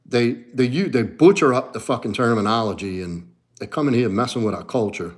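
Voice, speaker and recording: A middle-aged man with a New Orleans accent, chatting casually on a livestream as a martial arts coach, blunt and profane, dropping to low mutters and rising to animated bursts. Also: brisk. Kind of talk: casual livestream chat reading comments.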